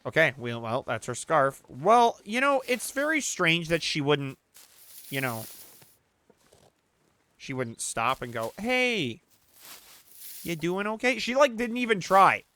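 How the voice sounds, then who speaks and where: Excitable man narrating his gameplay. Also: fairly high pitch, unhurried, pauses often. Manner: excitable, swears and shouts at misses; talks to the player character and the audience. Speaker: let's play host. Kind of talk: casual gaming commentary.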